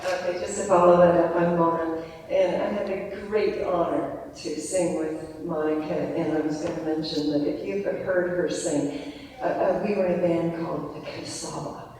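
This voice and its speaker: A man's voice: a little high, little pitch movement, moderate pace, a little mellow, a little hiss or hum. A man who sings in a church choir, giving a laughing memorial tribute in a church, in an echoey recording from far off. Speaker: choir singer.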